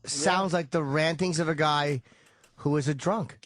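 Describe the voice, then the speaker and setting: Male radio panelist, blunt and opinionated, slightly high, dry sound. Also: steady tone, unhurried, a bit bright, dry recording. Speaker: radio show regular. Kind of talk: radio talk show banter.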